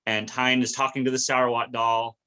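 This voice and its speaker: A man with a bright, forward tone hosts a casual podcast. He retells scenes with lively, animated storytelling. He keeps it chatty and relaxed, mid-pitched. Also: normal speed, smooth. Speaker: podcast host.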